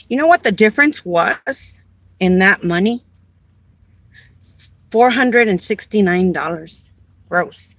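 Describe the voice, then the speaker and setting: A woman's voice: medium pitch, lively intonation, takes it slowly, pauses often, a bit bright, low-quality recording. A woman and caregiver advocate talking casually on a livestream, heartfelt and rambling, repeating words as she goes.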